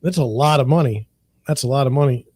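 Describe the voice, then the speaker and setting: A man's voice: mid-range voice, fast, darkish tone, slightly rough. A middle-aged man, a real estate broker, talking candidly and with frustration, repeating himself and restarting his sentences. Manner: frustrated, repetitive, rambling with restarts. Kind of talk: candid monologue to camera.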